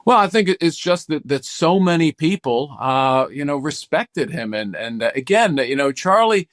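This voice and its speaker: Halting man answering as a guest. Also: fairly high pitch, animated, a bit bright, no echo, clean studio sound. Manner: halting, many fillers and restarts. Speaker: congressman guest. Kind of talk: interview answers.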